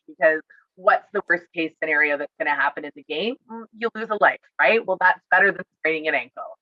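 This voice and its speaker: A woman's voice: low-pitched, no room sound, muffled recording. A woman who works as an outdoor educator, casually telling stories and acting out her talks with kids, full of "like" and "I said.". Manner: lively storyteller who acts out dialogue with kids; frequent "like" and "I said" fillers. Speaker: outdoor educator at a field center. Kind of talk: casual storytelling in an online educator forum.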